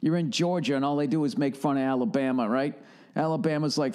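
A man's voice: medium pitch, quick pace, a little mellow, clear, resonant tone. A middle-aged man with a Boston accent, ranting solo as a podcast host in a casual comedic monologue, profane and laughing often. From northern United States. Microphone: studio podcast mic.

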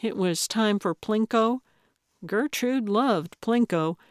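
A woman reading a cozy mystery audiobook in calm, measured scripted narration. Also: mid-range voice, no echo, studio quality.

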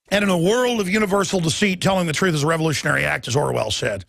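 Gravelly, ranting male talk radio host. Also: on the high side, brisk, dry recording, clean studio sound. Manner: heated, emphatic ranting with sudden loud bursts. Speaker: radio and web show host. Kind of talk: political talk radio monologue.

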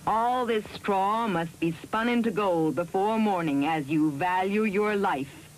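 A woman voicing a greedy king who gives stern, slow commands in a storybook reading. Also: mid-range voice, a little hiss or hum, natural voice, low-quality recording.

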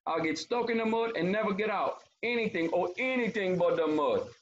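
A man voicing a sly, lazy trickster crawfish who coaxes and flatters, dropping Cajun French words in a storybook reading. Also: mid-range voice, moderate pace, lo-fi sound, slight background noise, natural voice. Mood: pleading.

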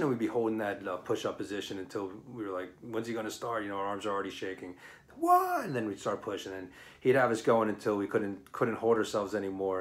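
A middle-aged man, a former firefighter, telling a personal anecdote in a plain-spoken, rambling, self-deprecating way. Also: fairly low pitch.

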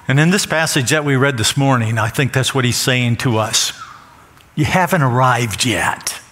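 Emphatic pastor preaching in a hall. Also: male voice, medium pitch, moderate pace, fairly bright tone. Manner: emphatic, repeats phrases for stress. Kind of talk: sermon. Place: church sanctuary. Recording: long church hall reverb.

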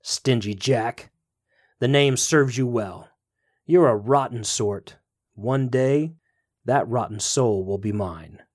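A man voicing a small, ugly, scheming male devil in a storybook tale, with a low sneering growl. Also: takes it slowly, darkish tone. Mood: grim.

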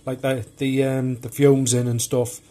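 A man's voice: mid-range voice, little pitch movement, a little slow, dark tone. A man casually showing off his film collection on video, chatty and rambling as he talks. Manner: rambling and chatty, loose and unpolished. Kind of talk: casual show-and-tell of home video collection.

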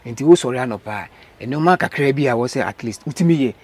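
A man's voice: mid-range voice, lively intonation, quick pace, darkish tone, slightly rough. A man with a Ghanaian accent, explaining car maintenance in a casual, repetitive way, mixing languages. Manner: explanatory, repeats a stock filler phrase. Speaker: mechanic explaining car care.

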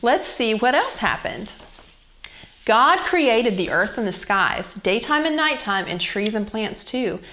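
Expressive woman telling a children's story. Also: on the high side, unhurried. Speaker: children's church teacher. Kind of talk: reading a Bible story to children.

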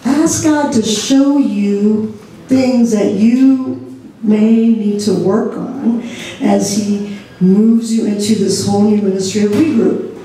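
Animated woman teaching in an echoey room. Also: medium pitch, takes it slowly. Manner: animated, laughing, acts out examples. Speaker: ministry group leader trainer. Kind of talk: church training session. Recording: echoey room, mic far off.

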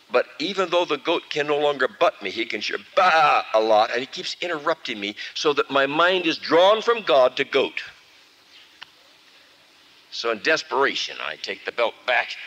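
Man preacher, bright lively voice, acts out his stories for the congregation. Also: on the high side, poor audio. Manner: animated storytelling, acts out scenes. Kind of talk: sermon. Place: camp meeting before a live audience. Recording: archival 1979 camp meeting recording.

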